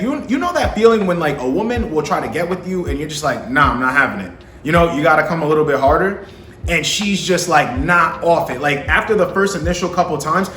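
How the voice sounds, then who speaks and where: A man's voice: fairly high pitch, a bit bright, slight background noise. A young man talking casually to camera about dating, slangy and profane, often asking the listener if they understand. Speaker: vlogger giving dating advice to men. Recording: echoey room with faint music.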